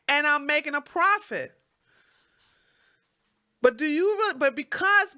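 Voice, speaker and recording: A woman hosting a livestream rants bluntly and heatedly, swearing a lot, in a high-pitched voice that's pushed and bright. She pauses now and then to read viewer comments aloud.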